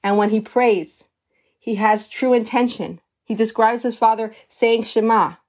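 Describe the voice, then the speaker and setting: A woman's voice: a little high, steady tone, a little slow, a little mellow. Earnest woman teaching Torah. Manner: earnest, emphatic, sprinkles Hebrew terms. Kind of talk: storytelling lesson.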